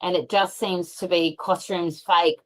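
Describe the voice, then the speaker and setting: A woman's voice: on the low side, steady tone, measured pace, low-quality recording. A woman talking as a guest in casual conversation over a video call, rambling with many fillers and restarts.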